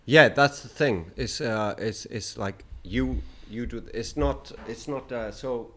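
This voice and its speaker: Halting, animated man in casual chat. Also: medium pitch, a little hiss or hum. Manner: animated, halting storyteller with many fillers.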